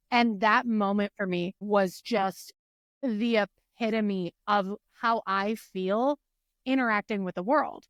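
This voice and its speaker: A woman co-hosting a podcast in a relaxed, chatty way. She tells stories with life and acts out the lines she quotes. Her voice sits at a middle pitch, and it is recorded dry with no room echo. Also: slow. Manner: animated storyteller, acts out quotes. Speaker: podcast co-host. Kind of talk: casual chat.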